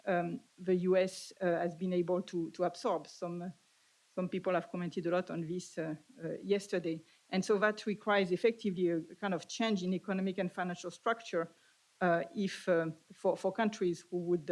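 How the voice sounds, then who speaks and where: Woman with a French accent, conference speaker, halting delivery, lots of fillers. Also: fairly low pitch, a little mellow, low-quality recording. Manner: halting, with frequent "uh" fillers and restarts. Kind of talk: academic conference talk.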